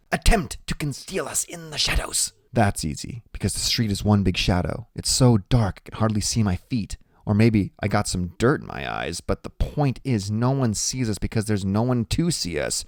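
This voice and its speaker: A man's voice: on the low side, darkish tone, dry recording, studio quality. A man narrating an audiobook in the first person, in a plain, conversational storytelling manner.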